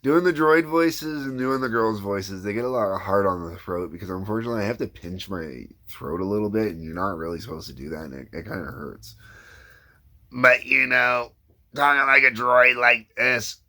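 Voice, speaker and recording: A man with a low, deep voice talks in a loose, meandering way. He is the creator and host of his own animation series, chatting casually about how it gets made. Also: a little fast, hardly any pauses, fairly bright tone. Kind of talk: casual behind-the-scenes chat.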